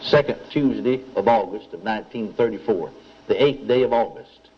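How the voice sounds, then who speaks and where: A man's voice: fairly low pitch, moderate pace, muffled recording, slight background noise. An older man preaching a sermon, telling a story with acted-out dialogue and calling on the congregation for amens. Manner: animated storytelling, repeats dialogue, asks audience for amens.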